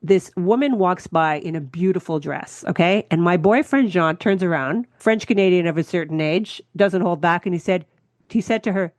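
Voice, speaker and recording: A woman co-hosting a podcast in casual chat, telling animated stories and breaking in often to agree. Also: fairly low pitch, no room sound. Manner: animated storyteller, quick agreeing interjections. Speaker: podcast co-host, food writer.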